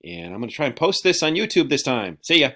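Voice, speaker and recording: A man's voice: medium pitch, very animated, fast talker, fairly bright tone. Joking man teaching vocabulary. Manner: joking, teasing, loose and offhand. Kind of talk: vocabulary lesson for students.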